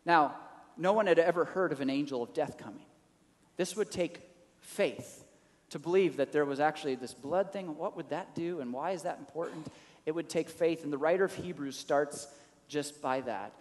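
A man preaching a sermon in an animated way, acting out the quoted lines with a rising voice. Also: on the high side, normal speed, long reverb tail. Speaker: pastor.

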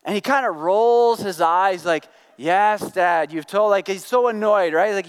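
High-voiced middle-aged pastor in a reverberant hall. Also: male voice, lively intonation, moderate pace, smooth. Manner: conversational, joking asides, acts out quoted voices. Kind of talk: sermon. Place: church hall with congregation.

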